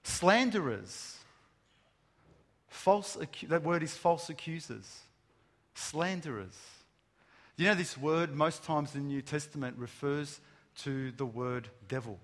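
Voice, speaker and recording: A man's voice: a little high, steady tone, moderate pace. A man preaching a sermon to a room of listeners, speaking emphatically, posing rhetorical questions and stressing words one by one in lists. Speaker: pastor. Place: large room with an audience. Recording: long reverb of a large hall.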